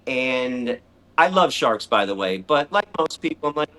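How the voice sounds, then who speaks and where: A middle-aged man telling a story in conversation, animated and excitable. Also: mid-range voice, measured pace. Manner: animated, excitable storyteller who acts out his own shrieks. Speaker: animal rights speaker, guest.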